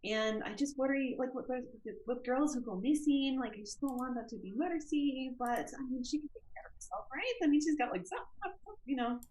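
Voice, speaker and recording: A woman's voice: high voice, a little fast, few pauses, darkish tone, echoey room, low-quality recording. A woman playing her character in a tabletop game, chatty and hesitant with lots of fillers. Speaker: player. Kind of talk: in-character tabletop role-play.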